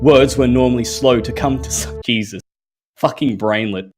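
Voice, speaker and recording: A man's voice: medium pitch, normal speed, soft background music. A young man reading a story aloud casually, stumbling over words, swearing and laughing often.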